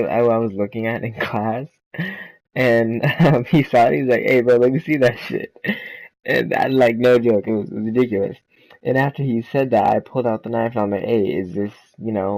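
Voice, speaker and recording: A young man who hosts a gaming channel tells a casual storytime, swearing a lot and leaning on "right?" and "like." His mid-range voice is a little mellow, with no room sound, on a rough recording. He talks quickly, loosely and informally.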